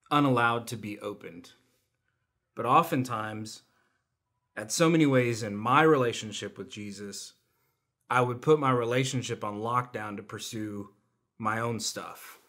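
This young man's mid-range voice has a slightly bright edge. Speaking as a church volunteer in an online service, he shares his testimony through stories that poke fun at himself, laughing along the way.

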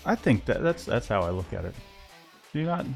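A man's voice: lowish voice, sing-song, a little fast, creaky, soft background music. A man co-hosting a casual livestream, joking and greeting viewers by name. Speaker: livestream co-host.

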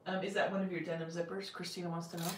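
A woman's voice: fairly low pitch, flat delivery, rapid-fire. A woman reading out viewers' questions during a live stream, with dry, teasing remarks. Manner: reads out comments, dry teasing. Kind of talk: casual chat. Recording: distant mic in an echoey, noisy room.

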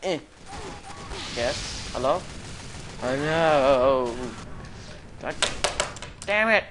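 Excitable young man commentating a game. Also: mid-range voice, extremely slow, background noise. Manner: excitable, swings from muttering to sudden yelps. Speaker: gamer commentating his play. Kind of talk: casual gameplay commentary.

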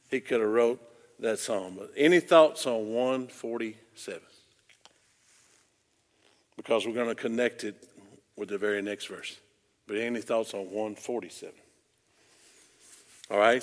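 A pastor leads a Bible study in a mid-pitched voice. He moves from easy, conversational talk to loud, emphatic preaching. A long church reverb trails behind every phrase. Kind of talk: informal Bible study teaching. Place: church room.

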